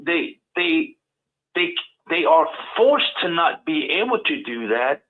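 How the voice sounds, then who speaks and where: A man with a Cajun Southern accent, a guest on a call-in show, talking in halting bursts full of repeated words. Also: on the high side, sing-song. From Louisiana, US South. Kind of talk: casual call-in talk. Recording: tinny phone-line audio.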